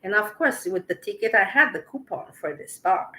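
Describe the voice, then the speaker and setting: Bright-voiced woman telling a wild story. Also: mid-range voice, moderate pace, poor audio. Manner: animated, laughing, acts out quoted dialogue. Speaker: vlogger telling a personal story. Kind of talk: casual storytelling.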